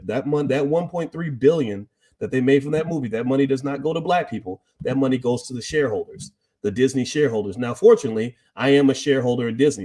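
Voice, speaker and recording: Husky guy on a live stream, preachy, lots of rhetorical questions at the chat. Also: mid-range voice, mellow. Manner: talks straight to a live chat audience.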